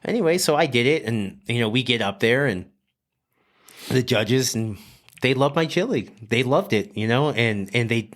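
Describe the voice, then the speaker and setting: Lively storytelling man from New Mexico. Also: mid-range voice, normal speed. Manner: animated, lively storytelling with frequent fillers. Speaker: guest chef. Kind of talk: casual storytelling on a podcast.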